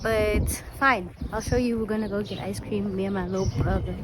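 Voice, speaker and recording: A young South African woman vlogs casually to her camera, chatty, dramatic, slangy, and laughing often. Her mid-range voice holds a steady tone at a brisk pace, with heavy background noise behind her.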